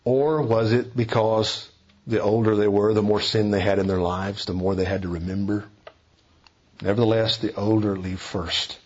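Husky-voiced man preaching a sermon. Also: lowish voice, steady tone, moderate pace, a little mellow, highs cut off. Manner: earnest, emphatic preaching with stressed key phrases. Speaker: pastor.

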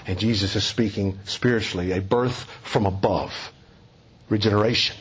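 A man preaching an expository sermon in a measured, earnest teaching manner, often dropping soft for emphasis. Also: lowish voice, steady tone, dull audio.

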